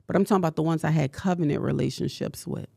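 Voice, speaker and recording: A woman's voice: low-pitched, quick pace, gravelly, mellow, slightly rough, dry recording, clean studio sound. A woman podcast host giving an impassioned motivational talk, preacher-like, repeating her lines and confessing.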